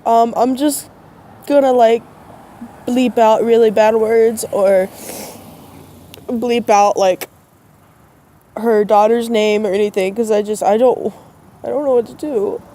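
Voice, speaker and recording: A woman's voice: fairly high pitch, steady tone, takes it slowly, long pauses, mellow. Stuffy-nosed woman rambling hesitantly. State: stuffy nose from crying. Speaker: vlogger. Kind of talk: casual rambling talk to camera. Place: outdoors by a road at dusk. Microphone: phone. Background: faint traffic.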